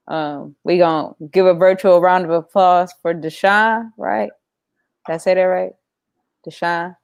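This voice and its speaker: A woman's voice: on the low side, creaky, darkish tone, smooth, dry recording. A woman co-hosting a virtual poetry slam, friendly and careful to get names right. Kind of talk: casual hosting chat.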